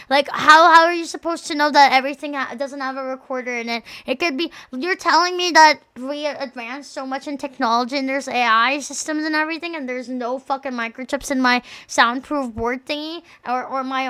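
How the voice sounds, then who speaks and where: A woman's voice: high-pitched, pushed and bright. A young woman streamer chatting casually, rambling and joking with many fillers. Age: young adult.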